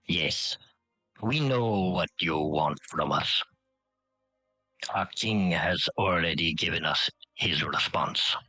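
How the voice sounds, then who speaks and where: A man's voice: deep voice, takes it slowly, sharp tone, slightly rough, no room sound, soft background music, voice pushed down, full character voice. A man voicing a curt, defiant male envoy refusing an offer in a tabletop game. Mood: dismissive.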